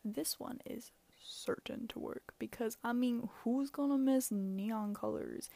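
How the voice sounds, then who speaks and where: A woman's voice: a little high, slow, gravelly, mellow. A young woman hosting a casual solo advice podcast, rambling and self-mocking, with lots of "like" and frequent laughter. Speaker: podcast host.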